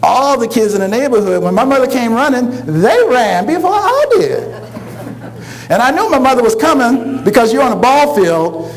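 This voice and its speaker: A man's voice: very high voice, moderate pace, poor audio. A middle-aged man telling a funny personal story, acting out the voices of the people in it. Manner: animated, acts out quoted voices, laughs along.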